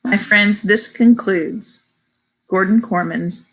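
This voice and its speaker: A woman's voice: lowish voice, animated, unhurried, fairly bright tone. A woman reading a middle-grade novel aloud, adding chatty asides that explain phrases to her listeners. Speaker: audiobook reader.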